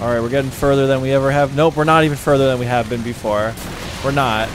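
A man streaming a game live, swearing and yelling in frustration at a computer-driven car. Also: mid-range voice, steady tone, fast, over music. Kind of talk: live gaming stream commentary.

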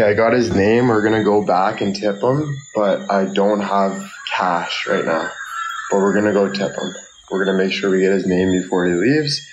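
A man's voice: low voice, background noise. Hyped man live-streaming to fans. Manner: hyped, loud, joking banter with viewers. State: out of breath. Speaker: livestreamer. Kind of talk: casual live-stream chat.

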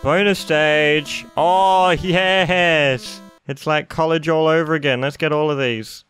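A man giving excitable, jokey running commentary while he plays a video game, and often talking to himself. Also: fairly high pitch, slow, faint music behind. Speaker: gaming YouTuber. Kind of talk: let's-play commentary.

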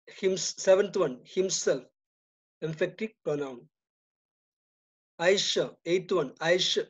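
A man with an Indian English accent teaching a grammar lesson, reading each example sentence and then giving the answer more quietly. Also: sits high. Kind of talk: slow, deliberate grammar lesson. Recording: dull lo-fi recording.

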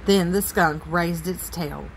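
A woman reading a children's picture book aloud in a gentle, expressive way. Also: on the low side, takes it slowly, gravelly, slight background noise, poor audio. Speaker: storybook reader.

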